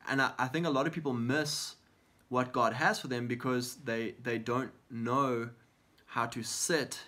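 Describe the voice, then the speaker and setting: A man's voice: mid-range voice, fairly even intonation, a little slow, pushed and bright. A man co-hosting a faith talk show, speaking earnestly and encouragingly, often acting out prayers as quotes. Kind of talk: conversational Christian encouragement.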